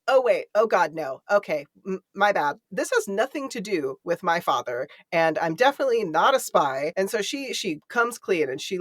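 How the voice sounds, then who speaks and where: A woman's voice: on the low side, dry recording, studio quality. A young woman co-hosting a casual book club chat, recapping a novel and acting out the characters' lines with frequent laughter. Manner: animated, laughs often, acts out characters' lines. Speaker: book club podcast co-host.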